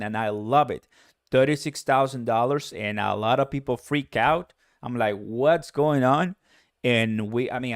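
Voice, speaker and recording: A man hosting a casual crypto livestream, talking with energetic hype and many fillers into a close microphone. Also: mid-range voice, no echo. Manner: energetic, hyped, lots of fillers.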